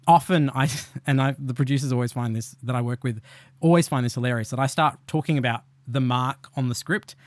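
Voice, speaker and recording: Male guest, lively and self-mocking, dry booth sound, mid pitch. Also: dry recording. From Australia. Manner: animated, self-deprecating, quick asides. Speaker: podcast guest. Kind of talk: conversational interview. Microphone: remote call.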